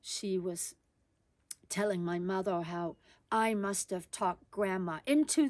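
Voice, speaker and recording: A woman's voice: mid-range voice, slow pace, a little mellow, dry recording. A woman telling a personal childhood story in an easy, conversational manner.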